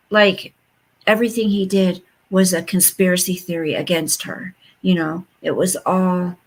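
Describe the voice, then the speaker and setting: A woman in her fifties talks to her viewers in a loose, gossipy chat, speaking bluntly about whatever comes to mind. Her voice sits at an ordinary pitch with a gravelly, fry-laden edge. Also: a bit bright, low-quality recording. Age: 50s. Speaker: vlogger.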